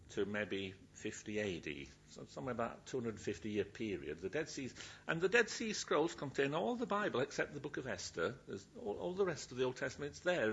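A man's voice: medium pitch, fairly bright tone, slightly rough. An older man preaching as a minister, chatty and rambling, breaking off his sentences and laughing at his own stories. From Yorkshire, England. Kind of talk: anecdotal sermon. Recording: dull lo-fi recording.

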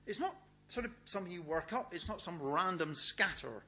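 Middle-aged man, preacher delivering a sermon; animated, fairly high voice, emphatic and deliberate; dull recording. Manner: emphatic, repeats key words with pauses. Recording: dull, lo-fi sound with faint hum.

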